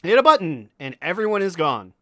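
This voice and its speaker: A man's voice: high-pitched, big pitch swings, brisk, fairly bright tone, dry recording. A man co-hosting a casual gaming podcast, riffing wryly and laughing often, on a close mic. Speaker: podcast co-host.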